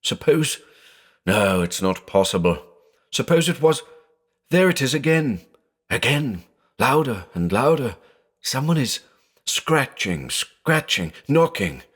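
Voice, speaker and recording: Male narrator playing a frightened old blind man in a horror audiobook. Fearful, climbs to shrieks; slow and wide-ranging. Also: low voice, lively intonation. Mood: rising panic. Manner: fearful, rising to frantic shrieks.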